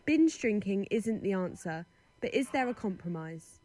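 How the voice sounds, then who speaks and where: A woman reporter reading a clear, scripted news piece. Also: medium pitch, animated, normal speed, dark tone.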